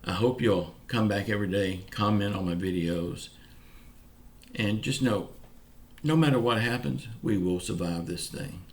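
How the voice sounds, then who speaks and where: Unhurried and lowish in voice, this channel host from Pensacola, Florida, speaks with a Southern US accent. He delivers a casual direct-to-camera update, folksy and sincere, repeatedly saying "y'all," with some words coming out slurred.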